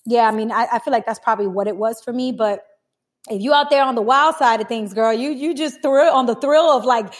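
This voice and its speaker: A young woman hosting a casual chat, animated and acting out her own inner voices. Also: fairly high pitch, a little fast. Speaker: podcast host.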